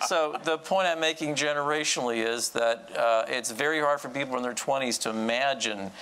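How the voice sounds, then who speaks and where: Animated male panelist telling a story. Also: on the high side, fast talker. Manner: animated storyteller, voice rises when quoting. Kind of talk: panel discussion with a long anecdote.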